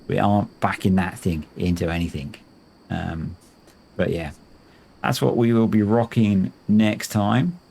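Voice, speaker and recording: Man, gaming host, slow talker, husky voice, casual let's-play commentary. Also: fairly low pitch, steady tone, a little mellow. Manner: laid-back, rambling, jokily self-praising.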